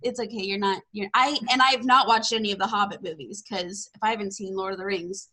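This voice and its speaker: A bubbly woman in her twenties from Texas hosts a podcast, chatting casually in an interview and often laughing at herself. Her medium-pitched voice is bright and forceful, with fairly even intonation and a quick pace.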